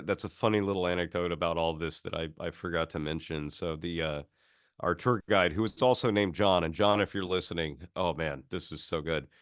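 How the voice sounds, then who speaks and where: A man with a very low, deep voice tells his stories with animation and acts out what other people said. The sound is close and dry, with no room around it. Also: dry recording. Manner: animated storyteller, acts out quotes. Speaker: podcast guest. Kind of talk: casual chat.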